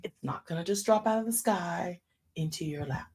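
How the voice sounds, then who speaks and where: A woman in her fifties hosts a faith talk show, preaching in a casual, folksy style and slipping into hushed asides. Her voice is on the low side with a breathy edge, at a moderate pace.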